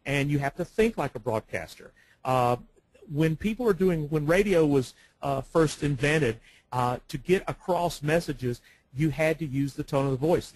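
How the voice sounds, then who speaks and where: A man's voice: fairly high pitch, darkish tone, dry recording, poor audio. Man with a dry close-mic voice. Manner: speaks with many "uh" fillers and restarts; former broadcaster explaining mic technique. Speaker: webinar co-presenter on audio. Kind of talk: instructional webinar talk. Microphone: professional microphone, close.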